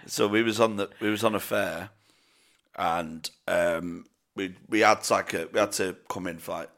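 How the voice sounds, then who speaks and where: A man's voice: on the low side, slow pace, pauses often, bright, forceful tone. A young man co-hosting a casual podcast, telling stories with lots of laughing and swearing. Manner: laughing storyteller, swears freely. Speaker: podcast co-host. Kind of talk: casual chat.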